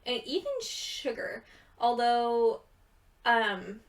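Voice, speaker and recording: A woman's voice: a little high, extremely slow, recorded from a distance. A young woman chatting casually and rambling with giggles, tired from too little sleep. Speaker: gaming video creator. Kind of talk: casual chat over gameplay.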